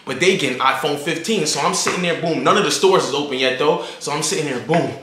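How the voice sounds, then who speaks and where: A man's voice: a little high, quick pace, background noise. A young man telling a story to his viewers in a casual, hyped way, heavy on slang and constantly checking in with the listener. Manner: hyped, slangy, keeps asking "you feel me". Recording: roomy echo.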